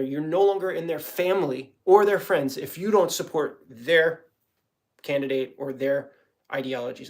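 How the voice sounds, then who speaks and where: Gravelly man chatting while he paints. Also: mid-range voice. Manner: rambling, talks to himself and chat while working; gets heated and louder when ranting. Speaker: live-stream painter. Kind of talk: casual live-stream chat while painting.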